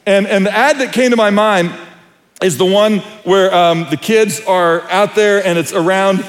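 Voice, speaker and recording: This pastor's fairly high voice fills a large hall, each phrase trailing off in a long reverb as he preaches at a measured pace. Earnest explanation gives way to lively storytelling in which he performs the quotes.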